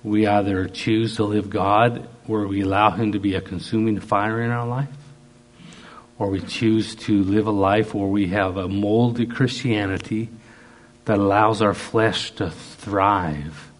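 A man preaching a sermon, slow and emphatic, piling up repeated phrases. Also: lowish voice, steady tone.

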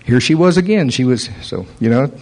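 A man's voice: mid-range voice, brisk. A man preaching a sermon and telling a story, acting out the voices of the people he quotes. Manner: animated, acts out quoted voices.

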